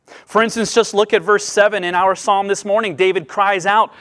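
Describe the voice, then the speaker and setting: High-voiced man preaching a sermon. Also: normal speed. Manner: expressive preaching, lively rises and drops. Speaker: pastor.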